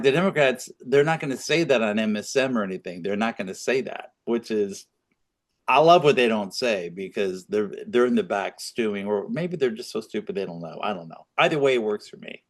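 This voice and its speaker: A man co-hosting a political podcast, talking in a rambling, opinionated way with frequent restarts. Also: mid-range voice. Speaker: podcast co-host. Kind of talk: casual political chat.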